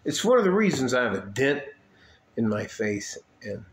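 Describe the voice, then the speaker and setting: A man's voice: mid-range voice, big pitch swings, normal speed, reverberant. A man in his late fifties, ranting bluntly and profanely to his viewers, often breaking off mid-thought. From United States. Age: 50s. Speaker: vlogger. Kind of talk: unscripted rant to camera.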